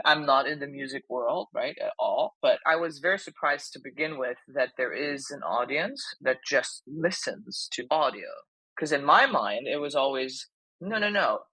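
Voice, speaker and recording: Brief: comedian woman, animated storyteller, close dry mic. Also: a bass voice, normal speed, no room sound, poor audio. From Germany. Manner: animated storyteller, quotes herself often. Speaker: stand-up comedian, guest. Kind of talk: casual podcast chat.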